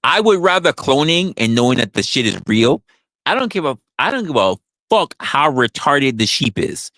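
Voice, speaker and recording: Brief: male podcast host, loud opinionated rant, profane, repetitive, animated pitch, dead-dry mic. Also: normal speed, dry recording. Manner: profane, emphatic, repeats himself.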